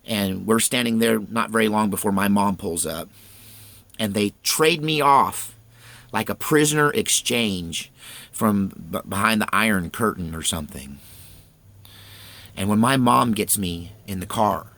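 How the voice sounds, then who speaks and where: A man's voice: lowish voice, a little slow, vocal fry, fairly bright tone, dry recording. A man in his fifties telling a personal story in a folksy, earnest, conversational way.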